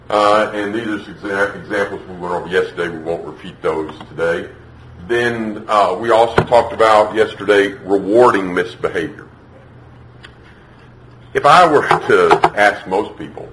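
A man preaches in a lowish, bright voice, lively and playful as he acts out scenes from family life. His sermon rings through an echoey room. A faint hum of ambience sits behind him. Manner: lively, acts out parents and children in high voices. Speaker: preacher teaching on child discipline.

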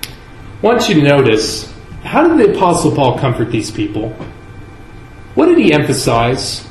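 A man preaching a sermon in a church, earnest and measured, leaning on key words with slow emphasis. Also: on the high side, huge pitch swings, a little hiss or hum. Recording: echoey room with faint ambience.

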